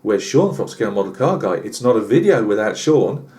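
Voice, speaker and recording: A man's voice: lowish voice, big pitch swings, a little fast, darkish tone. A British man telling a rambling comic tall tale on his channel, full of asides and fillers. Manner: chatty, lots of asides and fillers. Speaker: channel host.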